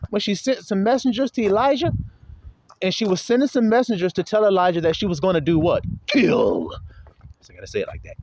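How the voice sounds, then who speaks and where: A man teaching a Bible passage to his followers in an animated, mocking, sermon-style commentary. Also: high voice, a little fast, a little hiss or hum. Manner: animated, mocking, laughing often.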